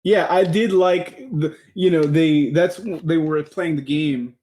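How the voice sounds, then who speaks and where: A man's voice: on the high side, unhurried, darkish tone. A man co-hosting a podcast, chatting casually about a show he watched, laughing often and rambling with frequent restarts. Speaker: podcast co-host. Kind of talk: casual chat reviewing a show.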